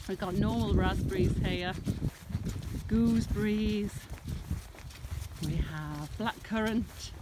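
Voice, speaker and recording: Holding a camera on herself outdoors in a farm field, a woman shows viewers around her smallholding in a relaxed walking vlog, wandering from topic to topic and doting on her animals. Her voice is medium-pitched, with background noise behind it.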